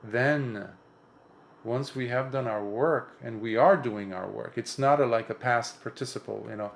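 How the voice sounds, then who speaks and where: A man's voice: mid-range voice, measured pace, gravelly. A Buddhist monk giving an impromptu dharma talk, earnest and emphatic, lifting his voice on repeated points and often restarting his sentences.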